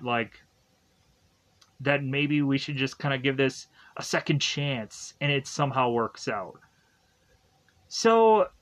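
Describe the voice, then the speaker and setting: A man's voice: a little high, fairly bright tone, poor audio. Rambling, jokey young man reviewing a show. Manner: rambling, jokey, many fillers and asides. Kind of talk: casual recap commentary.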